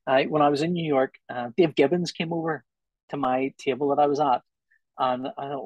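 A man's voice: medium pitch, brisk, no echo, dull audio. A man, a comic artist and podcast guest, talking casually and acting out little exchanges as he goes. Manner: animated, acts out little dialogues.

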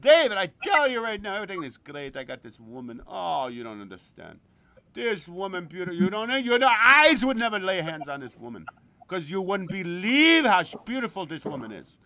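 A man's voice: sits high, big pitch swings, normal speed, sharp tone, exaggerated voice. A man putting on the voice of a brash, boastful friend who gushes on the phone and hangs up abruptly. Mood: effusive.

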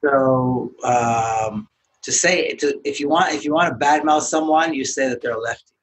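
A man speaking as a podcast guest, earnest and emphatic in a measured way. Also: medium pitch, slight background noise, poor audio. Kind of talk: interview conversation.

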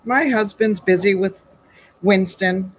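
A woman's voice: medium pitch, takes it slowly, husky, low-quality recording. A woman hosting a chatty baking demo from her home kitchen, asking rhetorical questions and calling her viewers sweetie and honey. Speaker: home baker and host.

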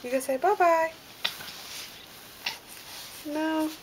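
A woman's voice: high-pitched, slow pace. A mother talking baby talk to her infant at home, coaxing him in a sing-song way and repeating her questions. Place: home, at a changing table. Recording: home video with clear background noise.

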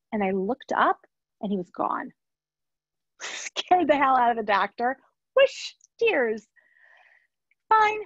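A woman with a husky, breathy voice tells a personal story at a webinar in an earnest way and circles back on her phrases. The sound is dry and a little dull, like muffled webinar audio. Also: mid-range voice, dry recording. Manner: earnest storytelling, with repetitions and soft trailing asides. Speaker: webinar speaker and NICU parent. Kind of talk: personal story within a professional talk.

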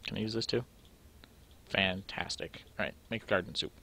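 A man's voice: sits low, moderate pace, vocal fry, sharp tone, slight background noise. A young man thinking aloud to himself as he plays through a game, in casual commentary. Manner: thinking aloud, musing to himself while sorting items. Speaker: let's play gamer.

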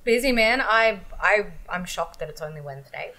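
Bright-voiced woman co-host. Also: mid-range voice, animated, normal speed, rough recording. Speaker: podcast co-host. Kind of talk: casual podcast chat.

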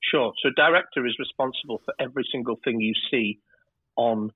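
A man's voice: medium pitch, fairly quick, breathy edge, no room sound. A man who works as a TV director, chatting as a podcast guest, telling stories and often stumbling over and repeating his words. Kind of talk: casual interview storytelling. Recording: tinny phone-like remote line.

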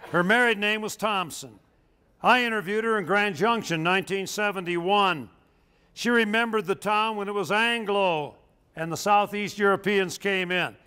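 Older man with a high, smooth voice. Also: pushed and bright. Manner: folksy, anecdotal, joking asides. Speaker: local historian. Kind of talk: storytelling history talk.

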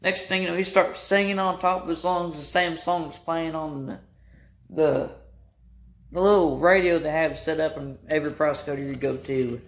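A young man telling a mocking, animated storytime rant as a vlogger. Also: on the high side, moderate pace, reverberant. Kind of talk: ranting storytime vlog.

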